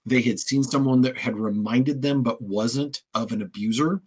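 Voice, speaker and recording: Husky man telling stories on a podcast. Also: mid-range voice, normal speed. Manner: animated storyteller, acts out quoted voices. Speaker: podcast host. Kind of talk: storytelling in casual conversation. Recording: husky, occasionally crackly audio.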